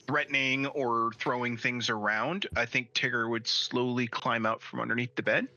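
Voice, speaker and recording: A man playing a tabletop game as a player, calm, gentle and deliberate. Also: medium pitch, muffled recording.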